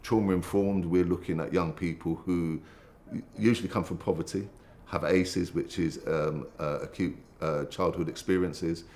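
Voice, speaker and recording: A man's voice: sits low, fairly even intonation, moderate pace, a little mellow. A man who works with young people, explaining earnestly in a documentary interview. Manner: earnest, explanatory, some fillers.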